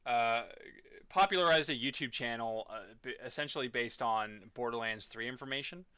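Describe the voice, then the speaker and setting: A man co-hosting a gaming podcast in casual chat, animated and rambling with lots of fillers. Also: medium pitch, normal speed, clear, resonant tone, no echo. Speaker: podcast co-host.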